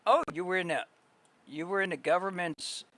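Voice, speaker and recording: A man's voice: sits high, moderate pace, sharp tone, no room sound. A man live-streaming, chatting casually with his viewers in a rambling way, full of fillers and restarts. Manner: rambling, filler-heavy, talks to chat.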